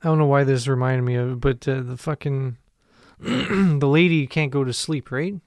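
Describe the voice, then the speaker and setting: A man's voice: mid-range voice, normal speed, darkish tone, no room sound, clean studio sound. A man co-hosting a casual podcast, telling rambling profane stories and laughing often. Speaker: podcast co-host.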